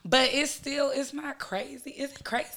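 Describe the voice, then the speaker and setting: A woman from Los Angeles chats as a guest, rambling and quick to laugh. Her voice is bright and edgy, with a lot of vocal fry at the ends of her phrases. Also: sits high. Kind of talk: casual chat.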